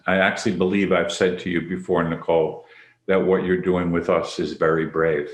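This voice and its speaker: A man hosting a leadership podcast, reflecting on the topic and inviting each guest in by name. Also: deep voice. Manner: reflective, affirming, asks others by name. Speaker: podcast host, leadership facilitator. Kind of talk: conversational discussion. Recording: roomy echo.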